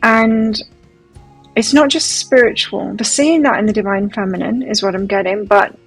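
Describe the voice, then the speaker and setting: An excitable woman gives a pick-a-card tarot reading, gasping and exclaiming as each card turns up. Her voice sits at an ordinary middle pitch. Soft music plays faintly behind her. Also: moderate pace, breathy edge, poor audio. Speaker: tarot reader.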